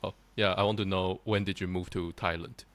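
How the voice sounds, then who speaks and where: A man's voice: sits low, fairly even intonation, brisk, fairly bright tone. A man hosting a casual interview, asking easy questions with short reactions. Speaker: interviewer, channel host.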